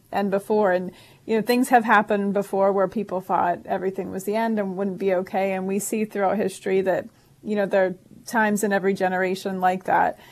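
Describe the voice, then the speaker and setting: A woman's voice: medium pitch, darkish tone. A woman co-hosting a call-in advice show, talking reassuringly with many fillers. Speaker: co-host.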